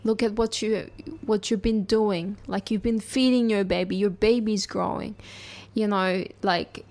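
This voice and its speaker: Woman podcast host, mid pitch, earnest and encouraging tone, talks straight to the listener. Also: a little mellow. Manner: earnest, reassuring, speaks directly to listeners.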